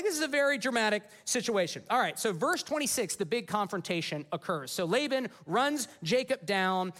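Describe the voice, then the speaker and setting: A man preaching a sermon, retelling scripture in an animated, casual storytelling manner. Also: high voice. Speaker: pastor.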